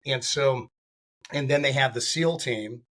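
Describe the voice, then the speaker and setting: A man's voice: mid-range voice, unhurried, fairly bright tone. A man speaking as a guest on a podcast interview, talking in a rambling way with lots of fillers and restarts. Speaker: guest, firearms training company founder.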